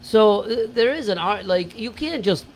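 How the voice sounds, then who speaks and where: A man's voice: sits high, animated, normal speed, a little hiss or hum, low-quality recording. A man who owns a store, chatting casually and earnestly, with lots of fillers and restarts. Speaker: store owner. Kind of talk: casual chat. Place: store with background ambience.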